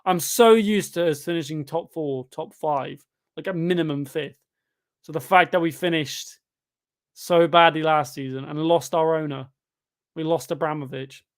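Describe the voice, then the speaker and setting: A man talks football in a relaxed, casual chat, firing off opinions on quick questions. His voice sits a little on the high side. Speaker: football fan guest.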